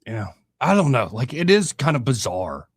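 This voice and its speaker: A man's voice: mid-range voice, big pitch swings, normal speed, slightly rough, no room sound, clean studio sound. A man, hosting a casual political talk show and cracking blunt jokes between news items. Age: 30s. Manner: wisecracking, blunt, lots of fillers. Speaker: radio talk show host.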